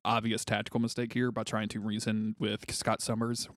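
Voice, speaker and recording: Animated, swearing man discussing comics. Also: lowish voice, no room sound, studio quality. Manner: animated, swearing, quick to laugh. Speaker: podcast co-host. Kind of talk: casual comic book discussion.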